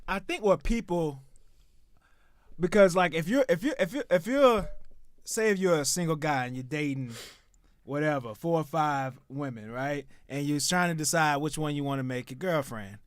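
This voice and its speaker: A man's voice: a little high, moderate pace, no echo, studio quality. A man hosting a podcast, talking in a casual, rambling way with many restarts. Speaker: podcast host. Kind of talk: casual chat.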